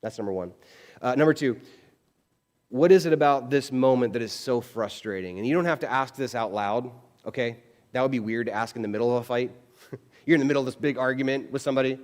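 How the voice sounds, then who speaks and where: In a church sanctuary, a pastor delivers a casual, conversational sermon at a fast clip, his medium-pitched voice ringing through the large hall. He's chatty and animated, acting out bits of everyday dialogue.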